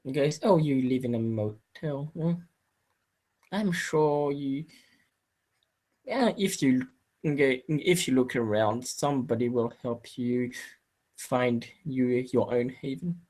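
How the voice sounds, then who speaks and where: A man acting as game master in a tabletop role-play, narrating in a halting way with many pauses and restarts. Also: mid-range voice, darkish tone. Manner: halting, full of fillers and restarts.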